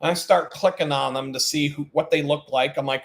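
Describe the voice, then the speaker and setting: A man telling stories on a live stream, animated and profane, breaking into laughs. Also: on the high side, moderate pace. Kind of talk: casual storytelling on a live stream.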